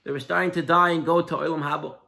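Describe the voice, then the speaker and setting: A man, a rabbi, giving an animated Torah class, telling a parable and swinging between emphatic and soft delivery. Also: on the high side, quick pace, gravelly.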